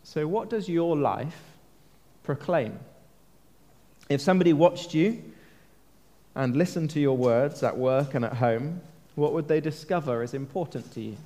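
A man's voice: a little high, unhurried, dark tone. A man gives a sermon in a slightly raised voice. He speaks in an earnest, conversational way and puts questions to the congregation. Long reverb from a large church hall trails behind his words. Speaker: preacher.

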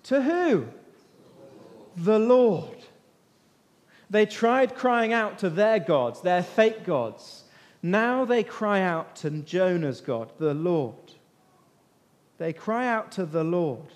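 A man telling a Bible story as a sermon, lively, often questioning his listeners and waiting for their answers. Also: high-pitched, slow pace, pauses often. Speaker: preacher leading a Bible talk. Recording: long reverb of a large hall.

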